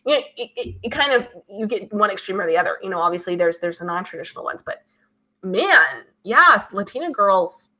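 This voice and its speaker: A woman hosting her channel, chatting casually and reading out viewer comments in a lively, talkative way. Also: medium pitch, brisk. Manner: chatty, animated, many fillers. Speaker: channel host.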